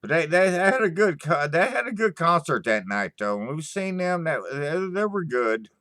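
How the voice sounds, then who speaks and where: A man hosting a livestream, chatting casually with viewers in a halting, stammering way, swearing often and sighing between thoughts. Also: on the high side, very animated, a bit bright, no echo, clean studio sound. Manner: slow, sighing storytelling. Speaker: livestream host answering chat. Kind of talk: casual rambling chat.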